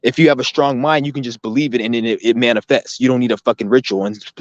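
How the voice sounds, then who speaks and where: Stream host, male, rapid-fire rambling rant, foul-mouthed and combative, dry dull lo-fi sound. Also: mid-range voice, no room sound. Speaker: livestream host. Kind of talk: ranting livestream monologue. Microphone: laptop or computer mic, no headphones.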